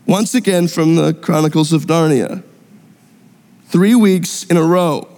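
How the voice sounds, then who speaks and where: A male pastor preaching a sermon in a church sanctuary, with earnest, repetitive emphasis and drawn-out key words. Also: fairly high pitch, darkish tone. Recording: long reverb in a large hall.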